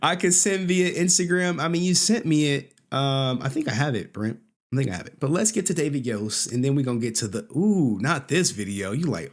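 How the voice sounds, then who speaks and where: A male livestream host with a mid-pitched voice that swings widely in pitch as he jokes. He laughs between phrases and swears offhandedly, talking loosely to his viewers. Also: lively intonation, brisk. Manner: laughs often, jokey, swears casually. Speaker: streamer host. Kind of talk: casual livestream commentary.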